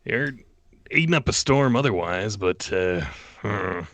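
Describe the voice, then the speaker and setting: A man's voice: on the low side, animated, measured pace, a bit bright, no echo. A man voicing a small, grubby man aboard a ship in a tabletop game, sighing and wry. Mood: weary.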